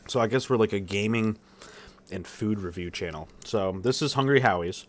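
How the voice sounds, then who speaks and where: A young man with a lowish voice talks fairly quickly as he eats through a food review vlog, chatting casually and rambling with lots of fillers and appreciative hums. He's using a streaming setup mic.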